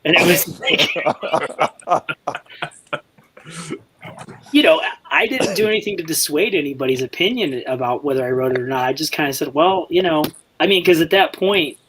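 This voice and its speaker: A man's voice: on the high side, expressive, unhurried, pauses often, bright, forceful tone, poor audio. A man on a podcast, telling rambling, profane stories in casual chat and laughing as he goes. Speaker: podcast co-host. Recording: faint background noise.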